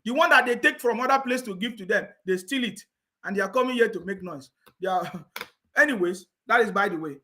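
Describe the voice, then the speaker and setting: Man, very high voice, bright tone, ranting commentator, scornful and insistent. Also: lively intonation, fairly quick. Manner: scornful, insistent, with mocking laughs and repeated "are you getting me". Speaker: political commentator.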